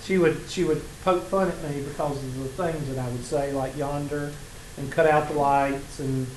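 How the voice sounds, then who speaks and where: Here a math teacher with a Southern US drawl lectures a college class casually, trading jokes and sarcastic anecdotes. His slightly high voice is steady, a bit mellow, and moderately paced, recorded in an echoey room with faint noise.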